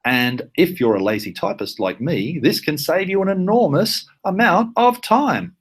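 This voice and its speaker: A man with an Australian accent presenting a live online software workshop, talking casually with plenty of fillers and asides. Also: a little high, animated, a little slow, husky. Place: at his computer, live webinar.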